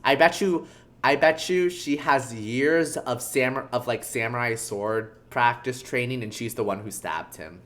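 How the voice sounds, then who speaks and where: Very low-voiced woman streamer. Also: a little slow. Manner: playful, self-mocking, laughs often. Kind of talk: casual game playthrough chat.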